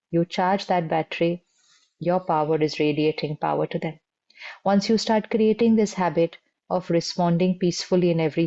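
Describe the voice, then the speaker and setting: A woman spiritual teacher, giving a calm, measured motivational talk and repeating key phrases for emphasis. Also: on the low side, lo-fi sound.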